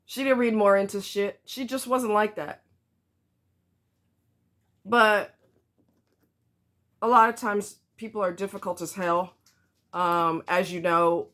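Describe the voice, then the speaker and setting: A woman's voice: medium pitch, steady tone, slow, long pauses, fairly bright tone. A woman ranting to her viewers in a vlog, blunt and emphatic, repeating herself for stress. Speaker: vlogger. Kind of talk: ranting to camera.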